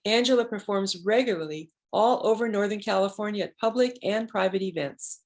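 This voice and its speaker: A woman host reading a formal introduction of a storyteller in a measured way. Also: medium pitch, poor audio. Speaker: event host.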